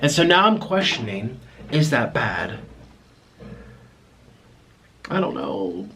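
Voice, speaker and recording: A young man hosting a mukbang video chats casually while eating, rambling with frequent restarts and aside remarks. His medium-pitched voice is very animated, unhurried, and fairly bright, with slight background noise.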